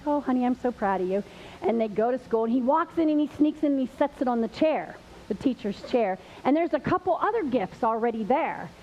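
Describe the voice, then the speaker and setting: A woman hosting a live church show, chatty and laughing, a little nervous as she tells a story. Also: sits high. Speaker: host. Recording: dull lo-fi with faint hiss.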